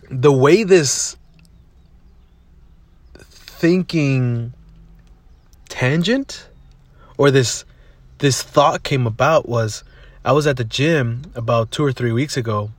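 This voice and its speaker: A young man hosts a casual solo podcast from a parked car, rambling and swearing freely as he tells a story. His voice is medium-pitched and the recording has no echo.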